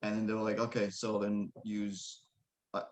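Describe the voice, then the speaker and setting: A man in a casual movie review chat, relaxed, explaining plot points and trailing off quietly. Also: lowish voice, normal speed. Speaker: podcast co-host.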